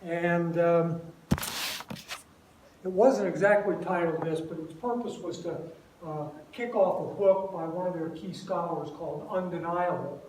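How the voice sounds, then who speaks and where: A retired older man speaks to a student audience in a very echoey hall, heard from a distance. His voice sits a little high for a man, and he keeps it relaxed and self-deprecating, with plenty of uhs between thoughts. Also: unhurried, noisy background. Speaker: guest speaker. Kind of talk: lecture to a campus group. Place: large echoey room. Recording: echoey room, far from mic.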